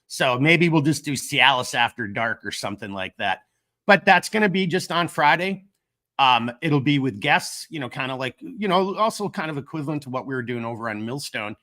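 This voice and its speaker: A middle-aged man with a Minnesotan accent hosts a casual livestream while coming down with a cold. His voice is bright and forward, and he rambles along, cracking self-deprecating jokes. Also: medium pitch, expressive, normal speed. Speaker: livestream host of a gear company channel.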